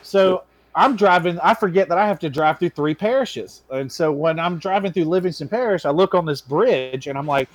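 Animated, profane storyteller man. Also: a little high, normal speed. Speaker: podcast co-host. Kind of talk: casual storytelling.

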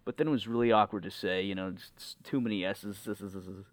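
Man, lowish voice, musician guest, rambling with fillers, dry close sound. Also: fairly even intonation, fast talker, dry recording. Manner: enthusiastic, rambling, many fillers. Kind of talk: casual interview chat.

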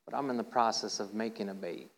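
A man's voice: fast talker, gravelly, rough recording. A man giving an informal sermon, telling a playful story and often checking in with the listeners. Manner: playful storytelling, acts out voices with rising pitch; conversational, asks "right?" often. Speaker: preacher.

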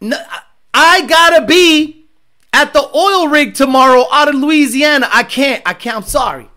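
A man mocking a stubborn working guy who makes whiny excuses in a raised, louder voice. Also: extremely high pitch, normal speed, pitched above the performer's own voice. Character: dim stubborn working guy, male adult.

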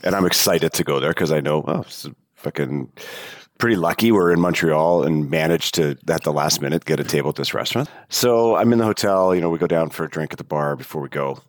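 A man telling a funny travel story in casual chat, animated and swearing freely. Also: very deep voice, brisk, dry recording, clean studio sound. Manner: animated, swearing, mimics people in stories.

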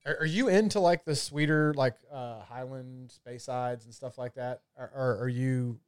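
A man's voice: medium pitch, moderate pace, clear, resonant tone, dry recording, studio quality. A man chatting casually about whiskey and gin, rambling and swearing freely. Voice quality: loose, profane, rambling delivery. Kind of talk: casual chat.

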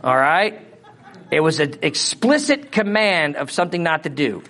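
A middle-aged man with a Missouri accent teaches a Bible lesson to a small group. His voice sits a little high for a man. He keeps it conversational and keeps checking in with his listeners. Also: sing-song, normal speed, bright, forceful tone. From Missouri, USA. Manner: conversational, asks the audience questions. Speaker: preacher.

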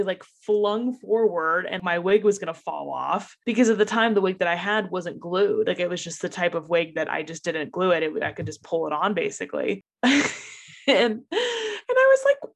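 Chatty young woman. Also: medium pitch. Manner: chatty, many fillers like "like". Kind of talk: casual chat.

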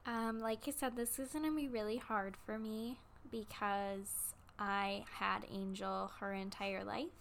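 A young woman in her twenties, close to tears, telling a personal story to camera in a halting way with many pauses and fillers. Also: medium pitch, fairly even intonation, creaky, a bit bright, a little hiss or hum. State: tearful, close to crying. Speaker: vlogger.

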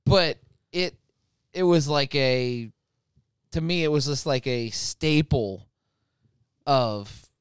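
An earnest man in casual podcast banter, explaining his reasoning in a very clean, crisp voice. The sound is dry and close. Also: mid-range voice, takes it slowly, pauses often, no room sound. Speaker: podcast co-host.

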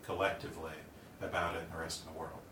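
A man's voice: deep voice, flat delivery, fast talker, roomy sound, recorded from a distance, noisy background. A man earnestly explaining church ideas in casual conversation, with frequent likes and ums. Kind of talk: casual discussion about faith.

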